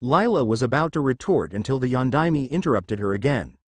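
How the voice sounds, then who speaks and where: A man's voice: mid-range voice, animated, fairly quick, slightly rough, no room sound. A man narrating a fan fiction story in a plain reading manner.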